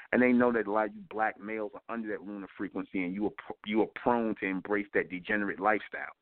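A man's voice: fairly low pitch, dry recording. A man hosting an internet radio talk show, delivering a blunt, profane, preachy monologue and repeatedly asking his listeners "you see?". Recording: tinny phone-line audio, dry.

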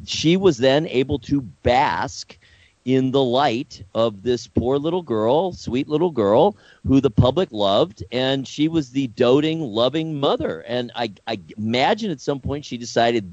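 A man co-hosting a podcast, musing reflectively in a measured way. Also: medium pitch, animated, a little mellow, no echo, lo-fi sound. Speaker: podcast co-host. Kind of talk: casual interview conversation.

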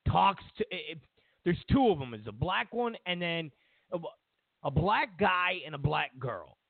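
A man's voice: high voice, measured pace, gravelly, dry recording. Profane ranting talk-show host man. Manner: profane, mocking, animated rants. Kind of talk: ranting commentary. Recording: dry tinny phone-like sound.

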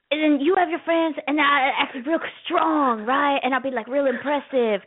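A playful woman co-hosting a chatty faith talk, retelling movie scenes. Her voice is high, and the sound comes through a thin, phone-like line. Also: brisk, few pauses. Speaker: podcast co-host. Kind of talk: casual chat about faith.

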